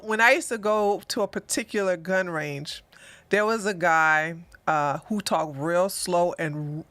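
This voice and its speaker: A woman's voice: mid-range voice, fairly bright tone, no echo. A woman hosting a livestream, talking in a casual rambling way and often laughing. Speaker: livestream news show host.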